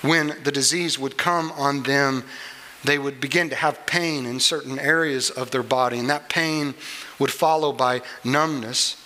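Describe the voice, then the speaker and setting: A man preaching a sermon, earnest and unhurried, with small restarts as he explains a Bible passage. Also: medium pitch, fairly even intonation, sharp tone, rough recording. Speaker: pastor.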